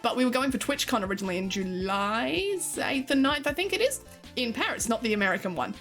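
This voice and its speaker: A young woman with an Australian accent talks off the cuff on a live stream, her voice sitting a little high. She rambles, swears casually and breaks into laughs, with faint music playing behind her. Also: animated, fast, fairly bright tone. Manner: chatty, swears freely, laughs often, reads chat aloud.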